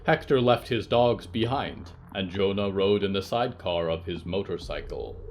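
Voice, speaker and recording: A man narrating a dark fiction podcast in a measured, even storytelling voice. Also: low-pitched, slight background noise. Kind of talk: scripted narration of horror fiction.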